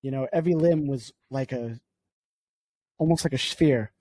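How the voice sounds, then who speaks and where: A man's voice: medium pitch, moderate pace, dark tone. A man co-hosting a casual podcast, rambling through a story with lots of filler words. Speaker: podcast co-host and producer.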